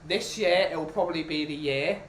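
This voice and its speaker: A man's voice: a little high, normal speed, fairly bright tone, a little hiss or hum. A man from the UK chatting casually as a podcast host, rambling and restarting his sentences. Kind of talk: casual chat. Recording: roomy with music behind.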